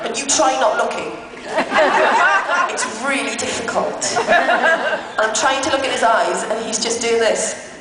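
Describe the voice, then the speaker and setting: A woman at a convention panel, telling lively anecdotes between bursts of laughter. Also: fairly high pitch, a little slow, long pauses. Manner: animated, laughing storyteller. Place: large convention hall. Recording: echoey hall from far off, loud crowd noise. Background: loud crowd and hall noise.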